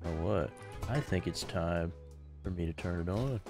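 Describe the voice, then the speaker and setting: A young man chatting casually while gaming, laid-back and quick to laugh. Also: sits low, over music. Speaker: gamer.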